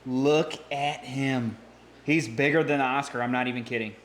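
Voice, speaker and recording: An excitable man giving hands-on vlog commentary beside a big fish tank, exclaiming and repeating himself as he talks to his viewers. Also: mid-range voice, moderate pace, roomy sound, slight background noise. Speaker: fish-keeping vlogger. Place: indoors by a large fish tank. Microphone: camera mic, handheld.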